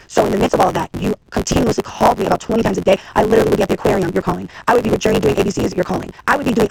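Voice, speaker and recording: Fast-talking woman with heavy vocal fry. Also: medium pitch, rough recording. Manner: fast, profane, venting and exasperated. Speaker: reality TV personality and executive producer. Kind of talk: Instagram live rant to viewers.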